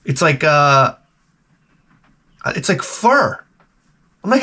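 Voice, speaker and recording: Guy ranting funny stories, cussing a lot, restarts mid word, super lively up and down voice. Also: on the high side, extremely slow, slightly rough. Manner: animated, profane, stammering restarts. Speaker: retro game channel host. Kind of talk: rambling comedic rant.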